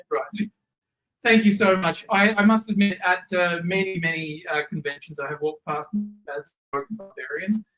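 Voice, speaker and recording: A man's voice: high voice, highs cut off. A man with an Australian accent hosting an awards ceremony, joking around and reading out acceptance speeches for absent winners. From Tasmania, Australia. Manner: jokey, playful, reading acceptance speeches aloud. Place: event venue with an audience.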